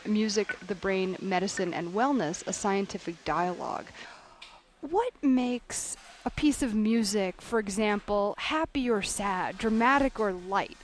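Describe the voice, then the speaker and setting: A woman hosting a radio interview, asking measured, clear questions. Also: medium pitch, slight background noise.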